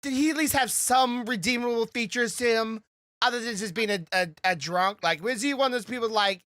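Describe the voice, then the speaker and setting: A woman co-host on a casual podcast, her bright voice sounding close and dry. She asks curious questions that wander as she works them out. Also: fairly high pitch, fairly quick, dry recording.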